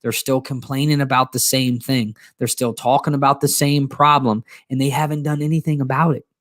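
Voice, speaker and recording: Casting note: male motivational co-host, mid pitch, earnest, restarts a lot, dry close sound. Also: flat delivery, brisk, no echo. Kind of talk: motivational talk.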